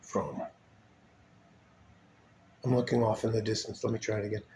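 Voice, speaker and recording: A man's voice: on the low side, moderate pace, a little mellow. A man from West Texas in a casual, joking, rambling talk to camera, drifting off topic as he goes. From West Texas, USA. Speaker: vlogger. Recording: roomy echo with faint noise.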